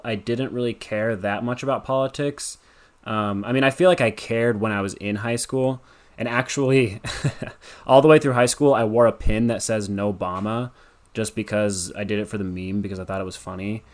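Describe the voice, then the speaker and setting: A man's voice: mid-range voice, fairly even intonation, normal speed. A young man from Colorado answering interview questions casually, rambling with lots of fillers. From Colorado, USA. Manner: rambling, with many fillers and likes. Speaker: podcast guest.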